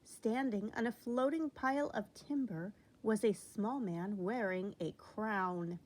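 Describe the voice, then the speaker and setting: A woman reading a children's storybook aloud with expressive delivery. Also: mid-range voice, slow pace, low-quality recording. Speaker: storybook reader.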